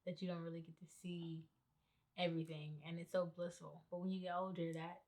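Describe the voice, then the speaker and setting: A woman's voice: lowish voice, flat delivery, fairly quick, darkish tone. A young woman co-hosting a podcast, who explains her points firmly and step by step in casual chat. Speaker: podcast co-host.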